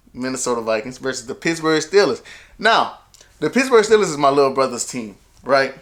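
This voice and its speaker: A young man casually talking through his weekly football predictions in a slangy, self-assured, animated way. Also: a little high. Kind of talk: casual sports predictions vlog.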